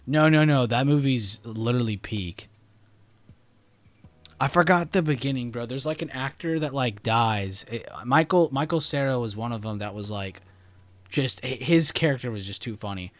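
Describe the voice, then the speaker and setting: A man's voice: medium pitch, normal speed, a bit bright, no echo. A young man hosting a livestream, chatting casually and laughing easily in a laid-back, slangy way. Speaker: trading livestream host.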